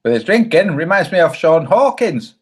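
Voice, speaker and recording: A man giving measured reaction commentary on a clip, pausing often with hesitant fillers. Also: on the high side, big pitch swings, husky.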